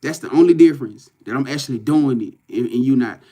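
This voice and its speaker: A spiritual reader talks loosely to his livestream viewers from in front of a camera at home, swearing and repeatedly saying "you know what I'm saying." His mid-range voice is quick and dark in tone.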